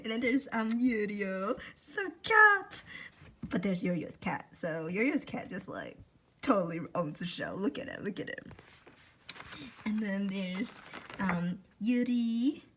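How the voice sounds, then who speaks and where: A woman chatting casually at home while unboxing gifts. She gushes excitedly, repeats "oh my gosh" and sometimes keeps her voice hushed. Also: medium pitch, measured pace, a little hiss or hum. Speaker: YouTuber. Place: at home indoors.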